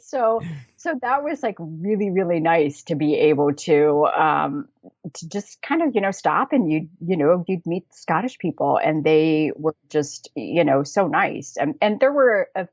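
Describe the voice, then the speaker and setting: A woman's voice: deep voice, animated, unhurried, a little mellow, no room sound. An American woman chatting as a guest in an interview, laughing often and trailing off in fillers and restarts. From United States. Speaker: podcast guest, travel planner. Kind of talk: casual interview chat. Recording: dull lo-fi dry sound.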